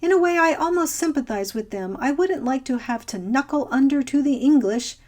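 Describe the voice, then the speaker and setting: A woman voicing a breezy, slangy modern young woman who talks in a quick, offhand way. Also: high-pitched, expressive, a little mellow, voice pushed up.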